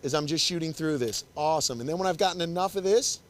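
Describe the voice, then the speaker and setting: A man's voice: a little high, fast talker, slight background noise. A man, a wedding photographer, teaching as he poses a couple, upbeat and coaxing while directing them constantly in a small indoor space. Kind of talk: live posing demonstration. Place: confined indoor shooting space.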